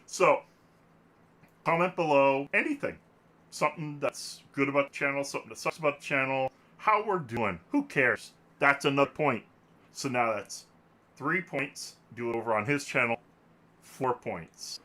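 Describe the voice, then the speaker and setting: A man's voice: medium pitch, moderate pace, bright, forceful tone. A man hosting a casual podcast, joking and rambling, laughing often, talking into a desk microphone. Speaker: podcast host.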